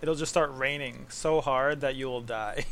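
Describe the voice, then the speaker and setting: This man, a games writer from the Bronx, New York, talks a little slowly as a podcast guest, his medium-pitched voice a bit bright and fairly even. The casual conversation rambles with fillers and laughter, and a little hiss or hum is audible.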